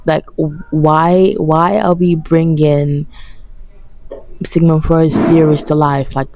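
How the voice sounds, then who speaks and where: Sarcastic young woman with gravelly voice. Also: low-pitched, flat delivery, takes it slowly, pauses often, dark tone, lo-fi sound. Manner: sarcastic, swearing, heated. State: tired. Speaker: vlogger reacting to a reality show. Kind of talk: casual reaction rant.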